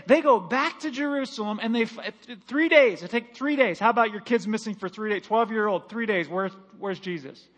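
Male pastor, middle-aged, high voice, animated sermon delivery that rises and drops in volume. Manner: animated preaching, swinging from loud to hushed. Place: church sanctuary.

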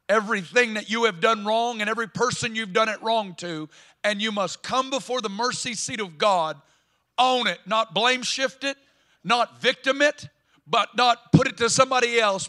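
High, bright-voiced Southern preacher man. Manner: emphatic preaching, building to loud declarations. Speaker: pastor. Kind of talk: sermon. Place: church sanctuary.

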